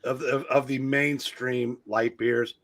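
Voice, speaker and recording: A man's voice: mid-range voice, level tone, slow pace, a bit bright. A man chatting casually on a comics livestream, telling wry, self-deprecating stories.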